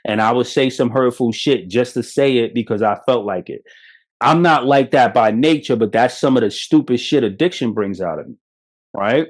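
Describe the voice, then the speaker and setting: A middle-aged Brooklyn man talks straight at his listeners in a podcast monologue. He is blunt and profane, and his stories come out animated and emphatic. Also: mid-range voice. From Brooklyn, New York. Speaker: podcast host. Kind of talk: motivational monologue.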